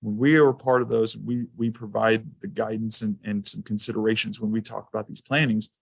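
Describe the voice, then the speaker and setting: A man's voice: lowish voice, little pitch movement, a little fast, creaky, husky, no room sound. A man giving a school safety presentation to a council, telling personal anecdotes in a loose, conversational way with frequent fillers.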